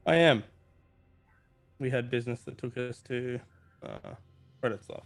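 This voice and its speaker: A man's voice: medium pitch, measured pace, creaky, faint music behind. A man playing a guarded, evasive soldier. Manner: short, clipped answers.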